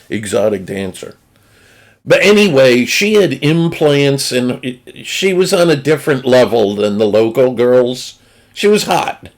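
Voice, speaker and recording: A man with a Northeastern US accent telling a crude comic story in a rambling, self-interrupting way. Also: mid-range voice. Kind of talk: casual comedic storytelling.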